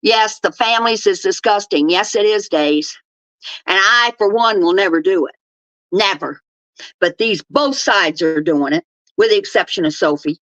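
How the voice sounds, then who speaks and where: A woman's voice: medium pitch, expressive, moderate pace, a bit bright, no room sound, lo-fi sound. An older woman from Texas, hosting her own show with blunt, profane, scolding rants. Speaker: show host. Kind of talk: ranting commentary.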